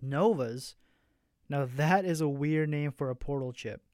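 A man's voice: on the high side, measured pace, a little mellow, dry recording, clean studio sound, lightly acted. A man voicing a defensive, sarcastic young man who talks in a strained whisper. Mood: grumpy whisper.

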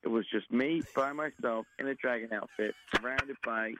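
A man with a Southeast London accent, a guest performer chatting in an interview with dry, deadpan humor. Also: mid-range voice, normal speed, background noise. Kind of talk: casual interview chat.

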